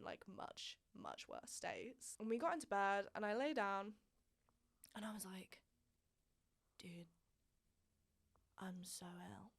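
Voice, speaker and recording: Frank chatty woman in her twenties. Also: mid-range voice. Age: 20s. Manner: frank, chatty, swears freely, animated emphasis. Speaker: vlog host. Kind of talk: candid casual storytelling.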